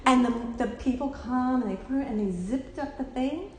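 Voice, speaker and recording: A woman teaching spirituality speaks to a class in a temple room, her recording full of roomy echo. She's candid and chatty, laughs and swears frequently, and her high, slightly mellow voice moves at a normal speed.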